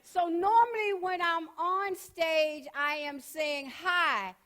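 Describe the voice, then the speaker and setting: Woman motivational speaker on stage, high voice, joking around with the crowd. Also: slow, fairly bright tone. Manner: loose, playful, talks straight to the crowd. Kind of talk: casual stage talk.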